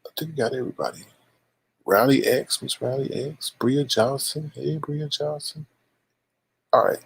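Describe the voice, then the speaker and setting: Husky gravelly guy hosting a live stream, chatty and loose, shouting out viewers. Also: mid-range voice. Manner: loose and chatty, drawn-out greetings. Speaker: live show host. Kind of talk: casual chat greeting viewers.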